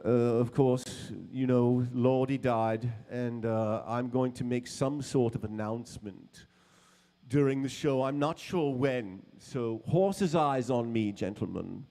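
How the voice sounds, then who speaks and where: A man's voice: medium pitch, warm tone. A man doing a grand, theatrical rock singer. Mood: confiding. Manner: solemn, drawn-out stage announcing.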